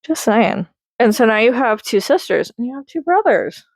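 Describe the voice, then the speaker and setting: A young woman rambling casually through a movie review, chatty and excitable, laughing often. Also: on the high side, a little fast, no room sound.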